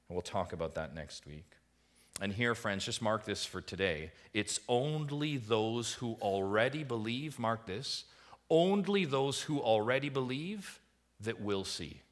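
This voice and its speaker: A male pastor with a fairly low voice delivers a sermon. He swings from hushed, reflective passages to rising, emphatic appeals, pressing his listeners with repeated rhetorical questions.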